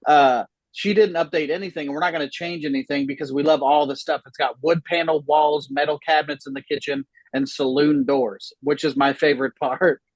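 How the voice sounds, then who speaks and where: A man in his thirties doing stand-up from a room at home over a video call, chatty and self-deprecating, chuckling at his own lines. His voice sits a little high for a man, and the sound is dry and close. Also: steady tone, brisk, few pauses, no echo, low-quality recording. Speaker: stand-up comedian. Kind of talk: stand-up comedy set. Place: home room, a former salon.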